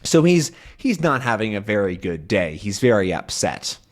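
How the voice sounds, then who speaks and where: A man teaching English by explaining a comic in slow, simple words, adding sound effects as he goes. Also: fairly low pitch, very animated.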